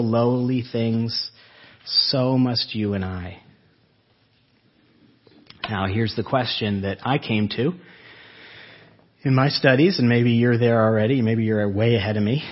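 Guy preaching a sermon, kinda husky, talks like he's chatting, lots of "isn't that true?" questions, dull lo-fi sound. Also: mid-range voice. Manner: conversational, asks the congregation rhetorical questions. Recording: dull lo-fi recording.

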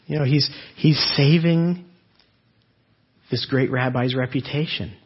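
A man with a mid-range, slightly rough voice preaches a sermon conversationally, speaking a little slowly with fairly even intonation. He often puts rhetorical questions to his listeners. The recording is dull and lo-fi.

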